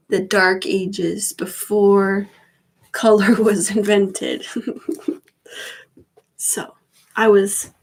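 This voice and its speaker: A woman's voice: mid-range voice, darkish tone, rough recording. A woman in her thirties chatting casually on a live stream, rambling with wry asides. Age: 30s. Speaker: vlogger.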